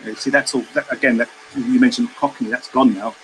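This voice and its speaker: A man with a Welsh accent, speaking as a guest on a remote call in a casual live-stream chat. He talks haltingly and repeats words while he searches for what to say. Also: mid-range voice, slight background noise, low-quality recording. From Britain. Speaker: caller guest. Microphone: remote call microphone.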